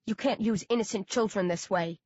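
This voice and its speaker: A woman's voice: mid-range voice, brisk, breathy edge, no room sound, highs cut off, natural voice. A woman voicing an angry, defiant hired man who speaks sharply, in an audiobook. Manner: sharp, snarling.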